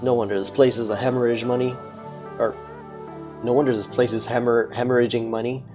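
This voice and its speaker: A man's voice: mid-range voice, little pitch movement, a little fast, music in the background, lightly acted. A man doing a foul-mouthed Australian cop boss. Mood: blustering. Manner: swearing, blustering. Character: gruff crude male police commissioner.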